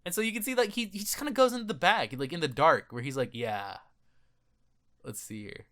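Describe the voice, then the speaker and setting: Lively, bright-voiced excitable male gamer host. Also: high-pitched, fast. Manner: excitable, swears freely, laughs and restarts often. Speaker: gaming video host. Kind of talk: casual commentary over a video clip.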